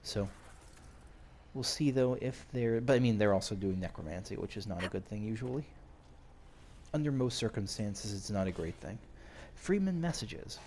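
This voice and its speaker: Gravelly man chatting through a game. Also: on the low side, animated, normal speed, a little mellow, slight background noise. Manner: chatty, thinks aloud, reads in-game notes. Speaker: game streamer. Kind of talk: casual let's-play commentary.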